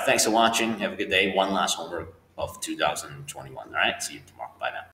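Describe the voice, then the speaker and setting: A man with a very low voice walks through homework problems step by step. His tone is bright and forceful. He is recorded in an echoey room. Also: lively intonation, fast, hardly any pauses, slight background noise. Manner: talks through the working out loud. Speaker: teacher. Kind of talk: homework walkthrough lesson.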